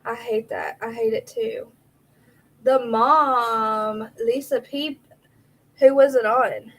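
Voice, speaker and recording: High-voiced woman chatting on a livestream. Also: fairly even intonation, slow pace, a bit bright, rough recording. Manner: chatty, reacts to chat aloud. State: out of breath. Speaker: livestream host. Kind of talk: casual livestream chat, reading comments.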